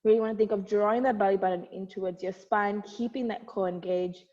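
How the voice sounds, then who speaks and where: Brisk and a little mellow, with fairly even intonation and a mid-range voice, this young barre instructor leads an at-home class. She encourages, counts reps, laughs lightly and sometimes runs short of breath, recorded on wireless earbuds with dull lo-fi sound and long reverb.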